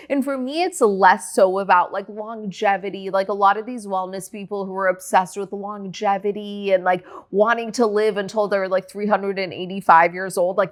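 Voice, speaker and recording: A young woman hosting her own podcast in a casual solo chat. She talks candidly and animatedly, with plenty of "like"s and loose swearing, at a middle pitch. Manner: candid and animated, swears freely, many likes. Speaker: podcast host.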